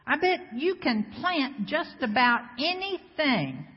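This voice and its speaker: A woman preacher delivering a lively sermon, bantering with the congregation and firing off rhetorical questions. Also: sits high, slow pace. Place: church sanctuary before a congregation. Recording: echoey hall, slightly dull sound.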